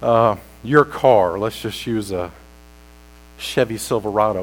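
A man preaching a sermon as pastor, slow and deliberate, building to loud, emphatic peaks while sweating. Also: mid-range voice, lively intonation, low-quality recording.

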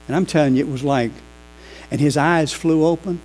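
A pastor preaching a sermon, telling lively stories and acting out the people in them. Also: male voice, fairly high pitch, fairly quick, slight background noise, low-quality recording. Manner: animated, acts out quoted voices. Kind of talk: sermon with storytelling.

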